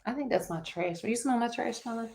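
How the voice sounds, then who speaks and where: A woman with a Philadelphia accent co-hosting a live chat show, talking in an animated, emotional way and breaking into song now and then. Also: on the high side, fairly quick, creaky. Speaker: podcast co-host.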